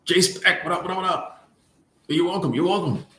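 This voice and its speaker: A man's voice: sits high, fairly quick. Playful man chatting in an echoey room. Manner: relaxed, playful, repeats phrases, laughs often. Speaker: livestream host answering chat. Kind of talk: casual live chat.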